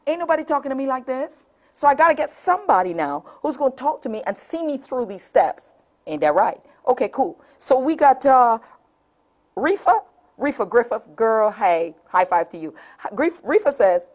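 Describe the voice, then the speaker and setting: Animated sassy Caribbean woman host. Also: high voice, normal speed. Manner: sassy, preachy, animated, slangy. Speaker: talk show host. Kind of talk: lively talk show monologue. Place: TV studio.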